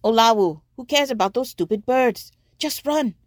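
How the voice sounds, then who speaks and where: A woman's voice: medium pitch, animated, unhurried, slightly rough, no room sound, studio quality, pitched above the performer's own voice. A woman voicing a mischievous young boy who urges and pleads in a hurry. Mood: urgent. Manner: urgent, pleading.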